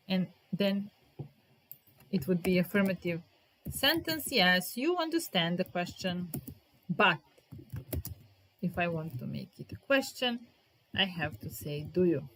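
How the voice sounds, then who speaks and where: A woman teaches a live grammar lesson, her voice sitting at an ordinary middle pitch. She is patient and says example sentences over and over, slowing down on the key words. Now and then she calls on viewers in the chat by name. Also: animated, a bit bright, a little hiss or hum. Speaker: English teacher.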